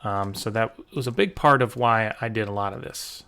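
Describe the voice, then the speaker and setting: A man's voice: fairly low pitch, normal speed, sharp tone, smooth. A man casually talking through rules and gameplay as a gaming channel host, rambling with fillers and restarts. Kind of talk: casual let's-play commentary.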